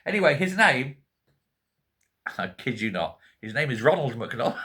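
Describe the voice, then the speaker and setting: A Scottish man in a quiet home, chatting casually to camera about politics with joking asides and frequent self-corrections. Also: mid-range voice, very animated, measured pace, pauses often. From Scotland. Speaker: political vlogger. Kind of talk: casual rambling commentary to camera.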